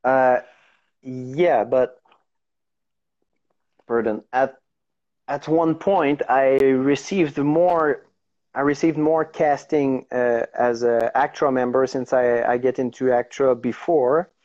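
A man who speaks French natively, talking in English with a Quebec French accent, haltingly searching for words as a guest in a casual interview over a video call. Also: mid-range voice, steady tone, a little mellow, lo-fi sound. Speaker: actor guest.

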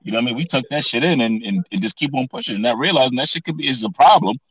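A man's voice: mid-range voice, very fast, husky, dry recording, poor audio. A man co-hosting a podcast in a laid-back, profane casual chat, often asking "you know what I mean". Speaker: podcast co-host.

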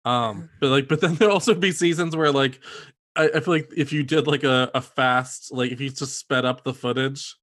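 A man in casual chat who talks animatedly, swears freely and acts out reality-show quotes in exaggerated high voices. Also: moderate pace, a bit bright, dry recording, clean studio sound.

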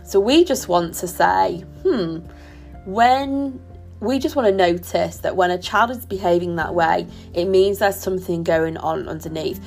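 Soft-spoken woman hosting a podcast. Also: lowish voice, moderate pace, creaky, soft background music. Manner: gentle, reflective, reassuring. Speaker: podcast host. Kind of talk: solo parenting podcast talk.

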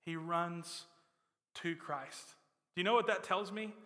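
A man's voice: sits high, unhurried. Emphatic male preacher in a reverberant hall. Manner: emphatic, swinging from loud to soft. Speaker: pastor. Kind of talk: sermon.

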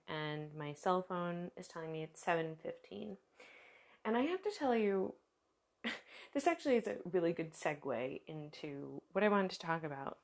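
A woman's voice: lowish voice, creaky. Chatty woman hosting a rambling podcast. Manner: rambling, chatty, self-deprecating. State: tired from little sleep. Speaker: podcast host. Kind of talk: casual solo podcast chat.

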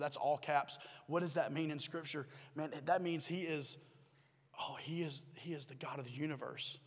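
In a big church sanctuary, his words echoing with a long reverb, a pastor preaches to the congregation in a high, light voice. His style is conversational: he poses questions to the listeners and comes back to his main points again and again.

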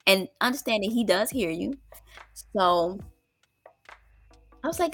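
Animated woman with a gravelly, bright voice. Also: medium pitch, measured pace, pauses often, faint music behind. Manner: animated, with loud exclamations and laughs; colloquial, addresses viewers as y'all. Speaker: vlogger. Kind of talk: casual storytelling to viewers.

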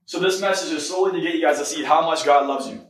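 Male podcast preacher, fervent, rapid delivery, slightly high voice; very echoey room, mic far off. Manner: fervent, fillers like "man", "right?", "come on". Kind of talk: casual spoken sermon.

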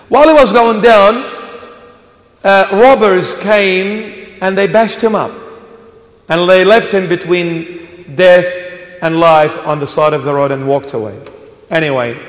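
A man preaching a sermon in a church, dramatic, swinging between hushed asides and loud exclamations. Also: high-pitched, echoey room, big-room sound. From Australia. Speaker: bishop preacher.

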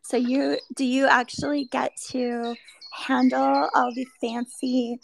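An American woman hosting a podcast for English learners, speaking slowly and deliberately with frequent ums. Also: high-pitched, little pitch movement, creaky, a little hiss or hum. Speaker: podcast host. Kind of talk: slow, clear interview for English learners.

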